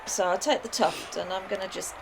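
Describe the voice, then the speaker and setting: A woman playing a tabletop role-playing game, describing her character's actions in a playful, animated way. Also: medium pitch, a little fast, vocal fry, noisy background. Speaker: player.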